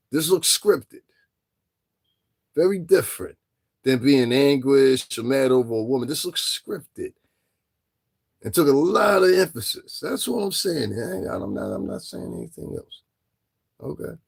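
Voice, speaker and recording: Husky guy vlogging, taunting questions, talks right at the viewers, rough gravelly voice. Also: medium pitch. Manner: animated, taunting rhetorical questions; addresses listeners directly. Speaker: commentary vlogger. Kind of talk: casual commentary monologue.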